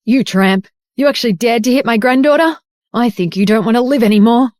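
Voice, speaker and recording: A woman voicing a vicious older grandmother who scolds loudly and harshly. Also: mid-range voice, fairly quick, no echo, studio quality, natural voice. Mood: furious.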